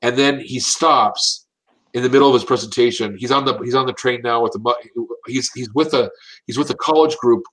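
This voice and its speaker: A man's voice: mid-range voice, brisk, a bit bright, low-quality recording. A man from the United States giving impassioned political commentary, emphatic and urgent, often repeating and restarting his phrases.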